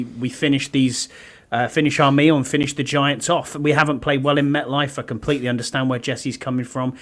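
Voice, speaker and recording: A man on a casual sports podcast, giving a measured, cautious preview of an upcoming game. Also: mid-range voice, fairly bright tone. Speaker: podcast guest analyst.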